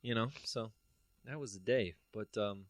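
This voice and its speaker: A man's voice: fairly low pitch, a little slow, no room sound. A man hosting a casual podcast, laid-back and joking.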